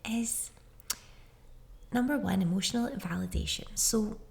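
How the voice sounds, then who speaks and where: Woman in her 30s chatting about parenting on her podcast, low mellow voice with a bit of fry. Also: unhurried, slight background noise. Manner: chatty and reassuring, speaks directly to listeners. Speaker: podcast host. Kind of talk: casual parenting advice monologue.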